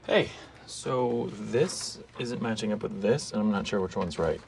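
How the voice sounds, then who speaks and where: An actor playing an easygoing male office coworker who talks quickly and offhandedly in a sitcom scene. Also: lowish voice, creaky, darkish tone, slight background noise. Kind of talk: sitcom acting.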